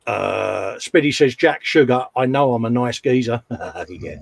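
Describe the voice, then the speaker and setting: A man's voice: mid-range voice, expressive, measured pace, gravelly, no echo. A man co-hosting a live stream, casually chatting and reading out viewer messages with a jokey, laughing manner.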